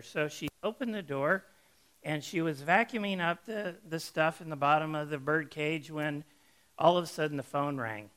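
A man preaching, telling a folksy, animated story to make a sermon point. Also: fairly high pitch, normal speed, smooth.

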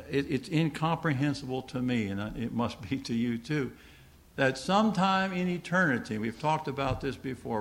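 A man's voice: mid-range voice, a bit bright. A man preaching a sermon to a congregation, earnest, asking the listeners questions and repeating key lines.

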